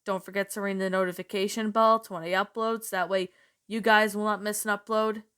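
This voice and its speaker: A woman with a bright, crisp voice talks through her opinion of a story in a casual, rambling way. She hesitates often and keeps softening her own points. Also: mid-range voice, level tone, a little fast. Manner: meandering, hesitant, self-qualifying. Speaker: channel host reviewing a story. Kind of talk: casual spoken review.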